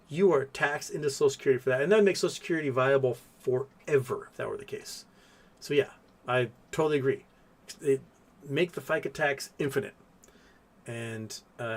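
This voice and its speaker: A man, hosting a casual livestream, rambling through viewer questions with many fillers. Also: fairly high pitch. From Texas. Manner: rambling, thinks aloud with fillers, coos softly to his cat. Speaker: livestream host reading super chats.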